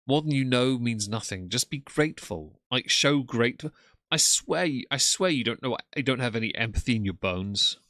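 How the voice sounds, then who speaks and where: A man commentating live over a stream with a bright, forceful tone and a mocking, sarcastic edge. He sounds dry and close to the mic, with no room sound around him. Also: medium pitch, expressive, normal speed, no room sound.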